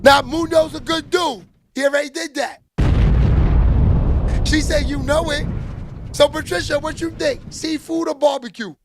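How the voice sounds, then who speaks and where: A man hosting a casual livestream, loud and joking as he greets viewers by name and reads their comments. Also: very high-pitched, fairly even intonation, moderate pace, pauses often, background noise. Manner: loud, joking, shouts out chat names. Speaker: livestream host reading chat. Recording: music playing behind.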